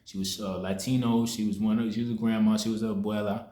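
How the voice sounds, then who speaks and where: A young man with a slightly low voice tells a story in relaxed street slang, circling back and restarting as he goes. His voice rings around a bare, echoey room, giving it a roomy, hollow sound. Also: quick pace. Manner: loose street slang, rambling retelling with many restarts. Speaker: spiritual content creator. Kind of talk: casual spoken storytelling.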